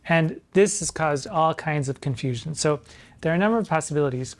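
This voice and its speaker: A man in drag persona giving literary commentary on sonnets, arch and playful, slowing down to recite quoted lines with emphasis. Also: fairly high pitch. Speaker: drag performer hosting a sonnet discussion.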